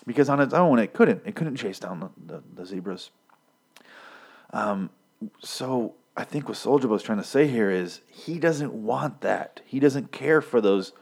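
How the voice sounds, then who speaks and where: Faux-earnest man analyzing song lyrics. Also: fairly low pitch. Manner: faux-earnest, scholarly deadpan. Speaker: comedic commentator.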